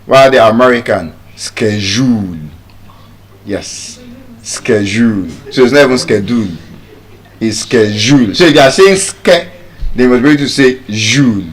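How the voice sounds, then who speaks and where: A man with a Nigerian English accent giving a live pronunciation lesson to an audience, repeating each word slowly to drill it. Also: mid-range voice. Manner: deliberate, drills words by repeating them slowly. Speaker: pronunciation teacher. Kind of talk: live public speaking lesson.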